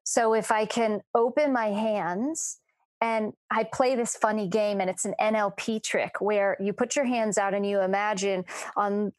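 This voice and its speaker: A woman's voice: mid-range voice, steady tone, a little slow, no room sound. A woman coach talking earnestly and reflectively in a podcast conversation, often restarting her sentences.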